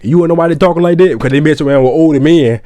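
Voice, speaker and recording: A man giving casual reaction commentary, animated and rambling, repeating himself and swearing freely. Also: a little high, very fast.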